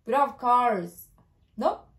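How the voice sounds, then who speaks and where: A woman hosts a reaction video and chats about the clips in an amused way. Her voice is a little high and lively. She speaks at an unhurried pace. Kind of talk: casual reaction commentary.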